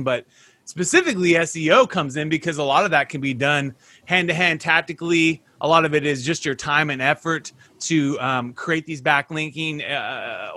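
Hyped-up, bright-voiced male podcast host. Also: fairly high pitch. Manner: hyped, talks up the audience as folks. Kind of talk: energetic podcast interview. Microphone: video call.

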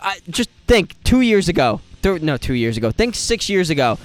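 A man's voice: sits high, very animated, moderate pace, hardly any pauses. A young man co-hosting a podcast, chatting casually and telling rambling, jokey stories. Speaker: podcast co-host.

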